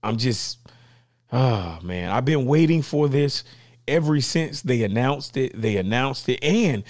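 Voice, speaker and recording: A man hosting his own vlog, talking casually and playfully with lots of slang while excitedly unboxing new gear. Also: mid-range voice, a little slow.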